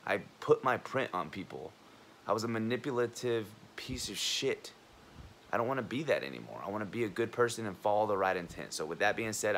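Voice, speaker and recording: A young man with a lowish voice vents to his camera in a heated, rambling rant that is full of swearing. He talks like an army veteran getting things off his chest. A faint hum sits under the recording. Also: a bit bright. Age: young adult.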